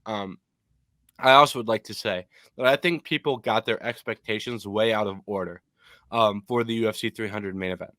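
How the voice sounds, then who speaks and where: Animated man, dry close sound. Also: fairly low pitch, normal speed, no room sound. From Michigan. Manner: animated, opinionated, frequent ums. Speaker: co-host of an MMA podcast. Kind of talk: casual podcast chat.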